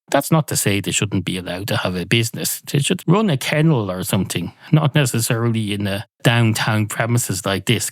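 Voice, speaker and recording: A man's voice: lowish voice, dry recording. A man voicing a fussy male barman who rambles on indignantly and pedantically.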